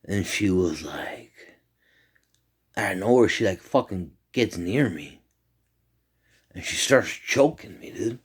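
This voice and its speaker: A man with a deep, low voice recounts a bizarre dream in a loose, rambling way. He swears freely and jumps up high and loud when he acts out his own shouts. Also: unhurried, pauses often, slightly rough. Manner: animated, profane, rambling. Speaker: storyteller. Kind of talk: casual retelling of a dream.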